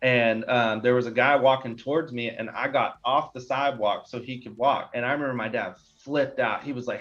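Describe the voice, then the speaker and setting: A man's voice: medium pitch, normal speed, few pauses, a bit bright. Young guy podcast guest, earnest, lots of likes and you knows, kinda muffled sound. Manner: earnest, rambling with many fillers. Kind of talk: casual interview chat. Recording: slightly dull lo-fi sound.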